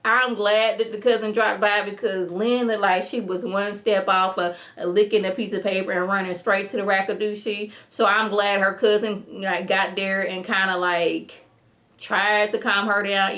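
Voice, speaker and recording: A woman vlogger casually recapping a TV episode, chatty and animated, acting out the characters' lines with lots of "like" fillers. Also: mid-range voice, normal speed. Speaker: TV review vlogger.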